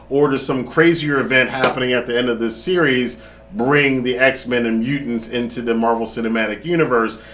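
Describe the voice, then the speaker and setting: A man's voice: mid-range voice, fairly bright tone, slight background noise. A man hosting a casual spoken TV review, rambling and chatty with many restarts. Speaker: podcast host reviewing a TV show.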